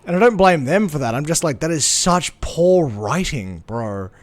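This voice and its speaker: A male streamer talking casually to his viewers from his desk mic. His voice sits a little high and swings widely in pitch as he rants, swears freely, and then apologizes in a rush. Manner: animated ranting, swearing, quick apologies. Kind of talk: casual live-stream chat.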